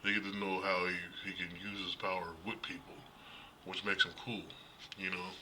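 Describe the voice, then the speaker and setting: Middle-aged male host, low and punchy, rambling and profane in casual talk. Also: little pitch movement, normal speed, bright, forceful tone, slight background noise. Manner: rambling, swears, laughs often, talks to viewers. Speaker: streamer host.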